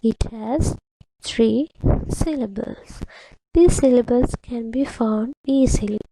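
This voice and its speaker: A woman's voice: fairly high pitch, slow pace, background noise. A woman teaching a primary English lesson, patiently explaining to children and repeating words syllable by syllable. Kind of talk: slow, deliberate classroom instruction to children.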